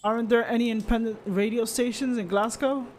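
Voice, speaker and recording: A man's voice: very high-pitched, fairly even intonation, brisk, a little hiss or hum. A man reading the lines of a curious young French woman in a game, asking questions plainly. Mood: inquiring.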